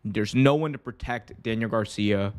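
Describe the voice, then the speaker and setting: A man hosting a podcast, giving a casual recap and answering fan questions in a rambling, excitable way. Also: on the low side, moderate pace, smooth. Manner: rambling and excitable, heavy use of "like". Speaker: podcast host.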